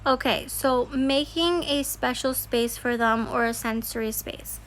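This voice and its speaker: A woman's voice: fairly high pitch, fairly even intonation, unhurried. A woman who homeschools her child, talking in a candid, chatty vlog style with lots of fillers. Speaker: homeschooling parent and consultant. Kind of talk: casual personal vlog talk.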